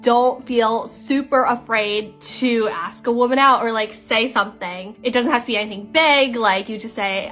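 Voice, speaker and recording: A woman's voice: on the high side, normal speed, hardly any pauses, fairly bright tone. Chatty young woman, casual vlog talk, faint music bed. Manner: chatty, full of "like" fillers. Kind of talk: casual talking-to-camera video.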